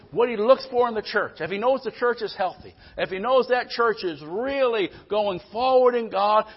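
Male preacher, emphatic sermon delivery, somewhat high voice, husky tone, dull lo-fi church recording. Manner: emphatic, calls out "Amen?" to the congregation; swings between loud bursts and quiet low passages.

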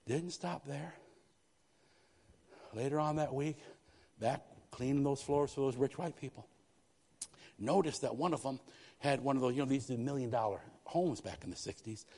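A man as a pastor preaching an emphatic sermon, repeating phrases and swinging between quiet and loud. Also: mid-range voice, moderate pace, vocal fry, pauses often.

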